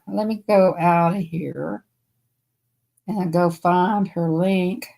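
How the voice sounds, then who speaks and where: A woman's voice: on the low side, creaky, darkish tone. A woman with a Southern US accent chatting casually on a live stream, telling stories to her viewers and laughing often.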